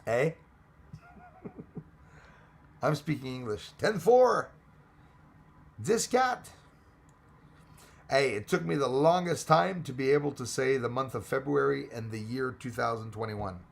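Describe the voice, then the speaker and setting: A Canadian man hosts a casual livestream, reading chat, greeting viewers by name and joking as he rambles. His medium-pitched voice has vocal fry, and he speaks unhurriedly with frequent pauses.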